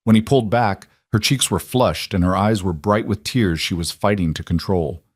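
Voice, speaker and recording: A man narrating a western romance story in a calm, measured scripted reading. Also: low voice, slightly rough, no echo, studio quality.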